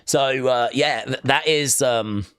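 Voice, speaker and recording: A man's voice: mid-range voice, slow, a bit bright, smooth. A man hosting a wrestling live stream, chatting casually and rambling through fond memories with plenty of fillers. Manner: rambling, reminiscing, with fillers and acted-out quotes.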